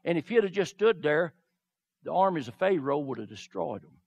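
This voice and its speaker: High-voiced male pastor, fervent sermon delivery, acts out the figures he retells. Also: big pitch swings, moderate pace, vocal fry, muffled recording. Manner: preaches with dramatic retellings, swinging from low murmurs to shouts.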